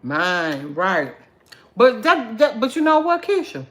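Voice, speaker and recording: Animated chatty woman livestreaming. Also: a little high, slow. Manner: chatty, animated, greets viewers by name. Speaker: livestream host. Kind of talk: casual livestream chat with viewers.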